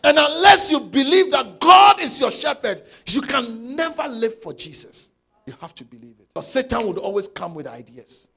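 High gravelly preacher man, husky and lively. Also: normal speed. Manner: emphatic, repeats lines for stress, swings from shouts to low murmurs. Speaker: pastor. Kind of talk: sermon.

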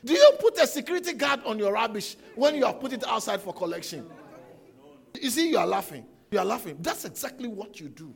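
High gravelly preaching man. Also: sing-song, a little fast. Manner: emphatic, repeats phrases and asks rhetorical questions. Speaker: pastor. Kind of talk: sermon. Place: church service before a congregation.

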